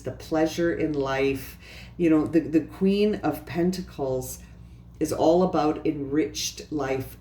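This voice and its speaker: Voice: mid-range voice, mellow, echoey room, a little hiss or hum. A tarot reader giving a pick-a-pile reading, speaking straight to the viewer in an earnest, repetitive way full of rhetorical questions.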